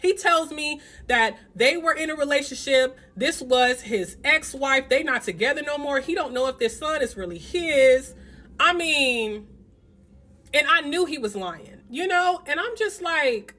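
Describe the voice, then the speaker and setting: Profane, animated young woman telling a story. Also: high voice, unhurried. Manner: blunt, profane, animated retelling with quoted dialogue. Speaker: storytelling vlogger. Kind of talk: casual storytime.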